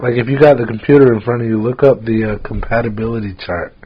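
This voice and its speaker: A man's voice: medium pitch, fast talker, highs cut off, slight background noise. A man co-hosting a podcast in casual chat, loose and rambling with fillers and laughs. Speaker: podcast co-host.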